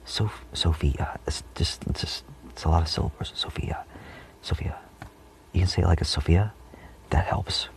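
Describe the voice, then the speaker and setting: A spiritual vlogger rambles through a monologue in a low, gravelly voice with fairly even intonation. He moves at a moderate pace, pauses often, leans on fillers and frequently drops to a whisper as his thoughts meander.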